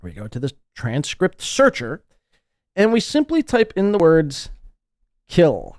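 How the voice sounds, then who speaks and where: A man hosting a live podcast, ranting with crude, sarcastic mockery and swinging between loud outbursts and muttered asides. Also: fairly high pitch, wildly swooping pitch, a little slow, soft background music. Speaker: podcast host.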